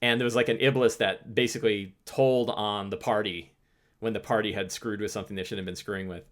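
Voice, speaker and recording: A man's voice: lowish voice, fairly even intonation, brisk. A man hosting a live stream, answering chat questions in a loose, rambling way with many restarts. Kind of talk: casual livestream talk.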